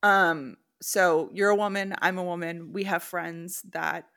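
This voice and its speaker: Bright-voiced woman podcast host. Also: lowish voice, steady tone, a little slow. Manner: candid, reads listener submissions aloud. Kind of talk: casual podcast conversation.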